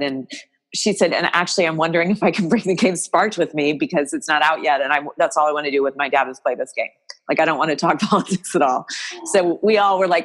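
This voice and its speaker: A woman guest in an interview, telling a personal story in a rambling, emotional way with many restarts. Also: deep voice. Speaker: guest, game creator.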